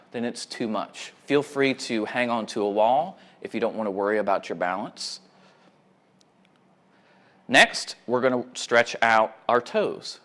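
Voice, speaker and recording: Calm male fitness instructor. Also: medium pitch. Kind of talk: exercise demonstration.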